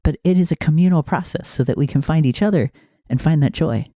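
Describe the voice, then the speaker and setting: A man's voice: fairly high pitch, fast talker, dark tone, no room sound, studio quality. A man in his forties from the United States, narrating earnestly and reflectively as the host. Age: 40s. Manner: earnest, musing.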